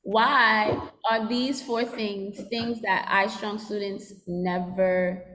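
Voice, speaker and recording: A woman's voice: mid-range voice, steady tone, slow, a bit bright. Brief: woman social worker addressing students, teacherly, in a reverberant large room. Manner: teacherly, asks class to repeat and write. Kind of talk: school assembly talk to students.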